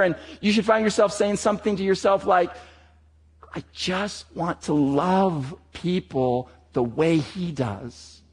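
Man, sermon, high-pitched, emphatic, slows on key words. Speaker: preacher.

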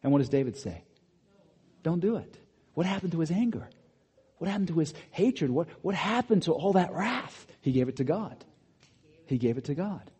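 Animated man preaching in a reverberant hall. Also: a little high, a little fast, breathy edge. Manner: animated, shifts between loud emphatic bursts and quiet asides. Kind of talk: sermon.

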